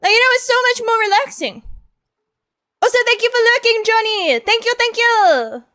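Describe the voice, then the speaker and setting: A young woman streamer chatting casually, rambling through profane, excitable stories. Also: very high-pitched, normal speed. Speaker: VTuber streamer.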